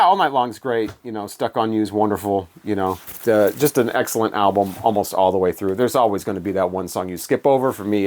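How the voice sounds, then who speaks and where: A man casually reviewing old albums, rambling and joking, correcting himself as he goes. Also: mid-range voice. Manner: rambling, self-correcting, jokey. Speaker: music reviewer.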